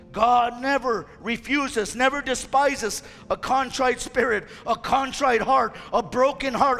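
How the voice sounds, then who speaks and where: Male pastor, fiery sermon voice: high and gravelly, shouting at peaks, in a long-reverb hall. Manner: impassioned preaching, rising to shouts. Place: church sanctuary. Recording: reverberant church hall with faint music.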